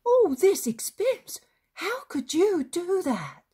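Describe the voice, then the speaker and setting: A woman's voice: very high-pitched, big pitch swings, slow, dark tone, pitched above the performer's own voice, full character voice. A woman voicing anxious poor peasant men who fret over the cost of a meal. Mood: alarmed. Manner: alarmed and fretful.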